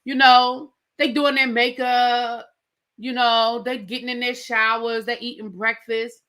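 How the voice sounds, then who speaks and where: A woman's voice: a little high, unhurried. A woman reviewing a reality show in a casual, slangy recap, acting out what the cast said. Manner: animated storyteller acting out quotes, slangy asides.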